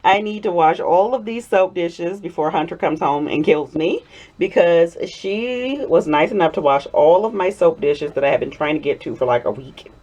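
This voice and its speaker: A middle-aged woman with a lowish voice hosts a soap-making video from her home workshop, talking at normal speed on a muffled recording. She chats casually while crafting, giggling through rambling asides, and slips into a playful Southern drawl when she gets excited.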